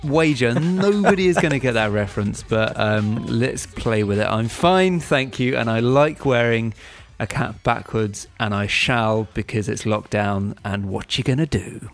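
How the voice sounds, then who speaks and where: A man's voice: medium pitch, a little slow, faint music behind. A man co-hosting a casual comedic podcast, playful and self-mocking. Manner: playful, self-mocking, jokey sound effects. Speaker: podcast co-host.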